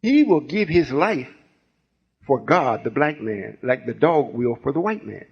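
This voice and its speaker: Heard on a muffled lo-fi recording, a man in his late sixties teaches like a folksy preacher, rambling and trading call-and-response check-ins with listeners as a spiritual teacher. His medium-pitched voice is very animated, slightly rough and touched with vocal fry, at a measured pace.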